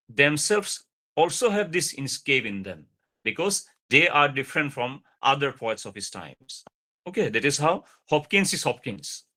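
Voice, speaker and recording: Guy lecturing on a video call, bright voice, lots of uh and repeating himself. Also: mid-range voice. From India. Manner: explanatory, repeats phrases for emphasis, frequent uh fillers. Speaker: guest lecturer.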